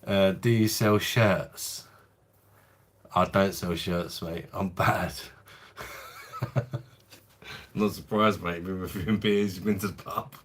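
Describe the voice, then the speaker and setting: A man nearing forty with a London accent hosts a relaxed beer livestream. His voice sits a bit low, and he chats easily, answering viewers and calling them mate. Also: slow, long pauses. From London, England. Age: 30s. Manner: laid-back, chatty, says mate a lot. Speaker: beer review livestream host. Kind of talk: casual livestream chat, reading viewer comments.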